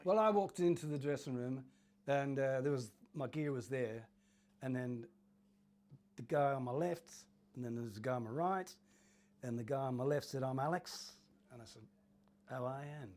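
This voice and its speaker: A man's voice: mid-range voice, moderate pace, pauses often, darkish tone. An older man from Cornwall, a former footballer, chatting through his memories in an interview and acting out the voices of old teammates. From Cornwall, England. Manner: chatty, laughing, acts out voices in his stories. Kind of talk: anecdotal interview storytelling.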